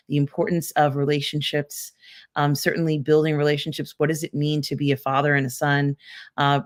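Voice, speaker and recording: A woman hosting a casual live pop culture stream, reading out viewer comments in a rambling way with many filler ums. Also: low-pitched.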